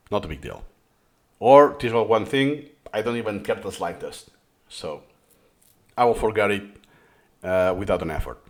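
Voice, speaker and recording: A man who speaks English as a third language, explaining a study method in a reaction-style lesson with frequent restarts. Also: fairly low pitch. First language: not English. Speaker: course host.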